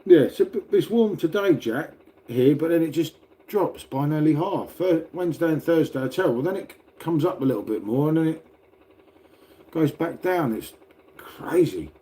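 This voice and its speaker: A man's voice: fairly high pitch, lively intonation, normal speed, mellow. A middle-aged man chatting casually on a livestream, rambling, laughing and swearing as he talks to viewers from home. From Britain. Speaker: livestreamer reading chat. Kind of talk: casual live chat. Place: indoors at home next to a radiator.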